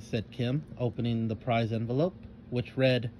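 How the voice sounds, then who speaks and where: A man reading a children's story aloud with expressive narration. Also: mid-range voice, moderate pace, a little hiss or hum.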